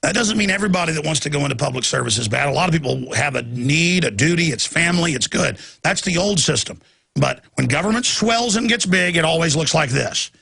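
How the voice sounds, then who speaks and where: A man's voice: on the high side, animated, brisk, vocal fry, pushed and bright, slightly rough. A man hosting a talk show, ranting in emphatic, sarcastic political commentary with frequent restarts.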